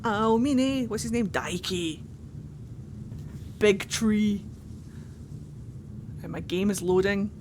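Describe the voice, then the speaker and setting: A woman's voice: medium pitch, slow pace, pauses often, darkish tone, a little hiss or hum. Chatty woman streaming a game. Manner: chatty, laughing, gushing asides. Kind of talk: casual gameplay commentary.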